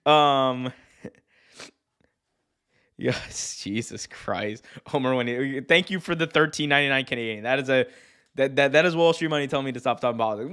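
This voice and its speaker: A male host on a live wrestling stream, chatting off the cuff. His talk rambles and restarts, full of swearing and quick laughs, and his voice sits at an ordinary middle pitch. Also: fairly bright tone.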